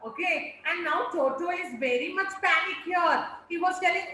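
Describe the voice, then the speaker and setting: A high, bright woman with an Indian English accent teaches young children over a video call, slow and expressive in her storytelling. The room is strongly echoey and carries a faint hiss. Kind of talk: online class story lesson.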